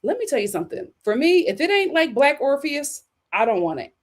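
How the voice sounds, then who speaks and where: A woman's voice: high voice, very animated, fairly quick. A woman hosting a livestream, reading viewer comments and giving sassy, emphatic opinions on relationships. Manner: sassy, emphatic, repeats punchlines. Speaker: host.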